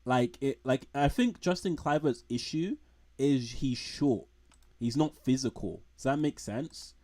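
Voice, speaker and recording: A man's voice: mid-range voice, expressive, unhurried, a little mellow. A man streaming from home, rambling frankly through football players with slang and blunt put-downs. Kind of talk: casual live-stream commentary.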